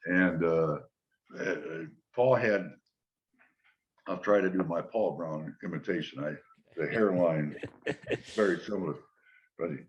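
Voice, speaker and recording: An older man, a former football player, relaxed as he tells long anecdotes in an interview and quotes the people in them. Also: low voice, a little slow, long pauses. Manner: relaxed anecdotal storytelling, quoting others. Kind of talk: storytelling interview. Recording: dull lo-fi sound.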